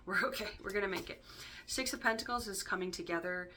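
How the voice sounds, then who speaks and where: A woman's voice: mid-range voice, fast, background noise. A woman giving a casual spoken tarot reading in a chatty way, full of fillers and loose swearing, often checking in with "right?". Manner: chatty, filler-heavy, casually profane, keeps asking "right?". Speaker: tarot reader.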